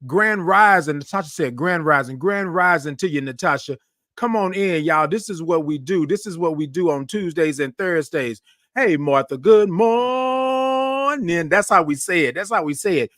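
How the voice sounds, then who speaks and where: A lively man chats through a morning live stream, greeting viewers and reading their comments aloud. His voice sits a touch high, and he repeats his phrases with warm effusiveness. The sound is dry and close, with no room around it. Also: normal speed, no room sound. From Houston, Texas. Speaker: livestream show host.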